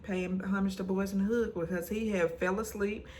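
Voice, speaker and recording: A woman, recapping a TV episode in casual, animated storytelling, acting out the characters' lines. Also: medium pitch, normal speed, a little hiss or hum. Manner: animated storytelling, acts out quotes. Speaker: recap vlogger.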